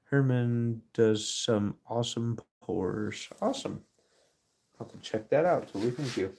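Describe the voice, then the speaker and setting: Slow easygoing man chatting to stream. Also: mid-range voice, gravelly, a little mellow, a little hiss or hum. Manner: slow, easygoing, talks to chat while working. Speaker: livestream host. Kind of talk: casual livestream chat.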